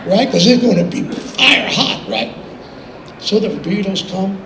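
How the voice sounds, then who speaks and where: An older man telling animated anecdotes in an interview, acting out quotes and laughing as he goes. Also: sits high, a little slow. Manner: animated, laughing storyteller who acts out quotes. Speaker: interview guest. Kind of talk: anecdotal storytelling. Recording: roomy with background noise.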